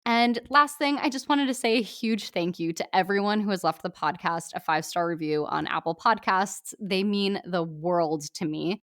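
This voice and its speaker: Upbeat woman reading a story on her podcast, lively, middle voice. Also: mid-range voice, normal speed, hardly any pauses. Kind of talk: scripted story narration.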